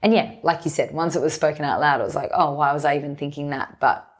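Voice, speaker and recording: A woman's voice: deep voice, fast, breathy edge. A woman, a podcast guest talking openly and reflectively in long, flowing runs. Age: 30s. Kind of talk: candid conversational interview.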